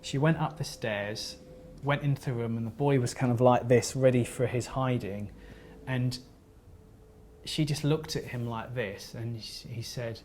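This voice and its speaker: A man speaks at a weekend seminar, sharing a story in an earnest, unpolished way. He often trips over his words and starts again, and he apologises gently when a point sounds sentimental. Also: mid-range voice, fairly even intonation, slight background noise. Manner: earnest, halting, with frequent restarts.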